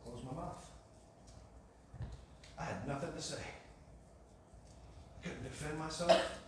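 A man's voice: a little high, slow. A man giving his testimony as a sermon, with an emphatic, repetitive preaching cadence, in a church. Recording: echoey hall from far off, faint hiss.

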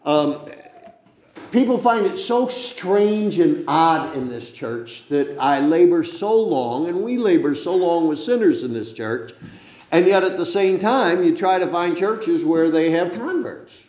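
Older man, pastor mid-sermon, emphatic rambling delivery with "okay?" asides, raised pitch, roomy church sound. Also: animated, measured pace, darkish tone. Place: church sanctuary.

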